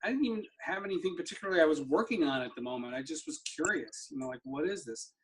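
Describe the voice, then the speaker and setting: A middle-aged man, a somatic therapy practitioner appearing as a guest, tells a personal story in conversation, speaking very fast in an animated, fairly high voice. He vividly acts out the dialogue he remembers, and a crowd can be heard in the background.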